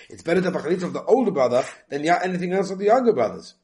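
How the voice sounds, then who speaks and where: A man's voice: sits high, expressive, a little mellow. A man giving a Talmud study lecture, reading the text aloud and explaining it in English with many rhetorical questions. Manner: mixes Aramaic readings with quick English explanation. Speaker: Talmud teacher.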